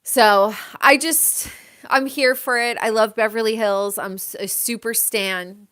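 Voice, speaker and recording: A woman's voice: on the high side, fairly even intonation, a little slow, bright, forceful tone, smooth. A woman hosting a casual chat about reality TV, gushing and chatty, often laughing. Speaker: host.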